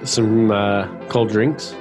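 A man's voice: fairly low pitch, fairly even intonation, drawn-out words, over music. Laid-back man co-hosting remotely. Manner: laid-back, teasing banter. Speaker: podcast co-host. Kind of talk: casual chat. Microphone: remote call.

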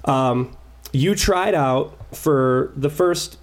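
A man co-hosts a podcast, talking casually in a slightly high, very slow voice. He jokes around, laughs a lot, and swears without holding back.

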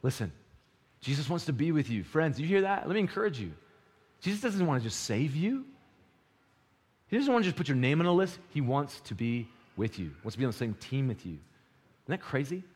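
A man preaching a sermon, animated and full of rhetorical questions to the congregation. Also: mid-range voice, brisk, husky. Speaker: pastor. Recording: long hall reverb.

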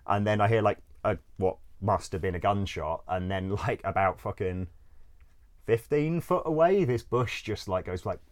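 At a moderate pace, a deep, low-voiced man tells a laid-back story like he's catching up with a friend. Plenty of fillers and swear words creep in as he rambles, and he laughs at his own blunders.

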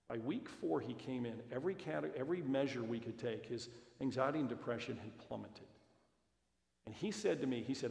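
A man's voice: medium pitch, fairly quick, creaky, a little mellow. A man giving a seminar talk to parents, telling stories and acting out the dialogue. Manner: storytelling, acts out dialogue. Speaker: guest speaker at parent seminar. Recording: echoey hall reverb.

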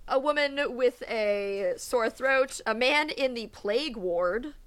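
A woman's voice: on the high side, takes it slowly, fairly bright tone. A young woman co-hosting a podcast, chatting casually and enthusiastically about books and laughing often. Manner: giggly, enthusiastic. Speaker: podcast co-host. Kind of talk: casual book discussion.

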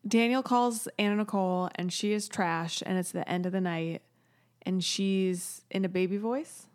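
A woman's voice: mid-range voice, moderate pace, a little mellow. A woman co-hosting a podcast, chatting casually and sometimes restarting her sentences. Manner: conversational, hesitant restarts. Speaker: podcast co-host. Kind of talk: casual chat.

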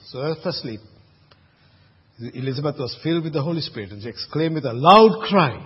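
A man's voice: fairly high pitch, expressive, a little fast, slightly rough, in a large hall, highs cut off. A man from Sri Lanka preaching a sermon as pastor, chatty and asking the congregation questions. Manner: conversational, asks the congregation questions.

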